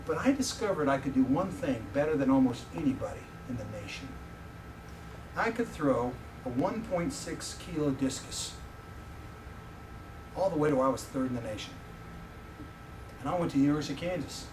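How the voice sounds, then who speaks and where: The middle-aged guest professor now preaches at a normal speed in a fairly high, animated voice, pausing often. He weaves personal tales and jokes with the congregation into his sermon, heard from afar on a mic in an echoey room over background noise.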